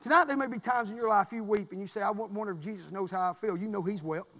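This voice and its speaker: A high-pitched man preaches in a church, his voice trailing off in a long hall reverb. He tells folksy stories and swings from quiet asides up to loud shouted refrains. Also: quick pace. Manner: folksy, storytelling, rising to shouts. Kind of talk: sermon. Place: church sanctuary.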